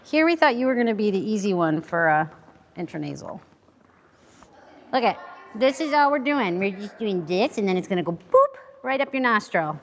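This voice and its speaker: A woman working as a horse handler, coaxing a horse along with lively, sing-song encouragement. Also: mid-range voice, normal speed, slight background noise. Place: outdoor horse shelter pen.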